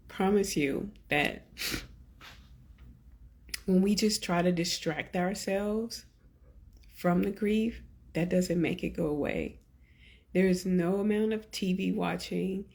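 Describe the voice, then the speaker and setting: A woman hosting a podcast, talking earnestly to her listeners and gently coaching them in slow, deliberate phrases. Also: on the low side, creaky. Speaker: podcast host. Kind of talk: reflective solo podcast talk.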